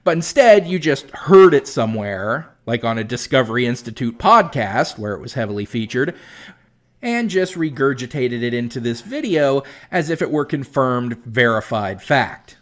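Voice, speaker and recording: A man's voice: mid-range voice, very animated, moderate pace. A man hosting a commentary video, responding to a clip in a sarcastic, exasperated, lecturing way.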